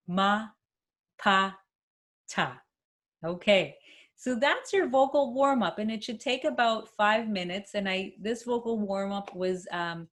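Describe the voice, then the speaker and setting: A woman presenting a workshop, demonstrating a vocal warm-up with hums and chants and encouraging her listeners. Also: medium pitch. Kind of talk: instructional workshop talk. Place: home, speaking to camera.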